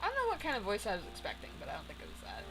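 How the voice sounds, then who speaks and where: A woman's voice: medium pitch, wildly swooping pitch, rapid-fire, music in the background, rough recording. A woman chatting casually on a voice call, teasing and laughing a lot. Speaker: friend on call. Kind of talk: casual chat.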